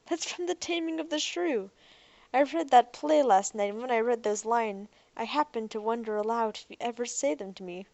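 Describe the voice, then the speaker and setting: A woman reading the part of a moody, sharp-tongued young woman in an audiobook, teasing and sarcastic. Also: a little high, normal speed, gravelly, no room sound, voice pushed up.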